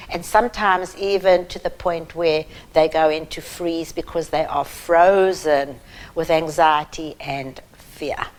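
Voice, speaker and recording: A middle-aged woman giving a deliberate, emphatic talk to parents, pausing between phrases. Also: on the low side, low-quality recording. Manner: measured and emphatic, with long pauses between phrases. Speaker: parenting educator.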